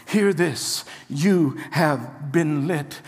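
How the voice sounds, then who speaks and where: Preacher, sermon, slow and emphatic, repeats and exhorts, recorded in a long-reverb hall. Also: mid-range voice. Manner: emphatic, repeats key phrases, exhorts the listeners.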